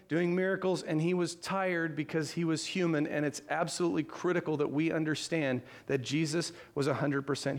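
Earnest conversational male preacher. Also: a little high. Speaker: pastor. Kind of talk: sermon.

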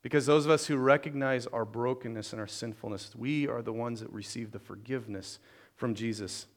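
A man's voice: medium pitch, fairly even intonation, brisk. A man preaching a conversational sermon to a congregation, informal and joking, often restarting and repeating words.

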